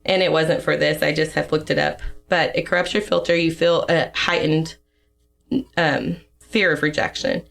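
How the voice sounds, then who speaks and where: A young woman giving a personal testimony in a podcast interview, emotional and halting, with fillers and soft laughs. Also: low voice, fairly even intonation, gravelly, soft background music.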